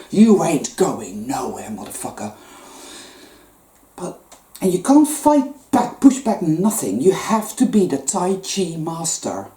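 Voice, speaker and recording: A woman with a low, mellow voice talks through a spiritual monologue in an earnest, conversational way, swearing freely. Her pitch rises and falls a lot, and an echoey room surrounds her. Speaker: spiritual vlogger.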